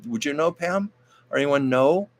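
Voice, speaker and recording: A man's voice: on the high side, normal speed. A man hosting a casual livestream, telling stories in a chatty, rambling way and reading viewer comments aloud. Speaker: host of a livestream show.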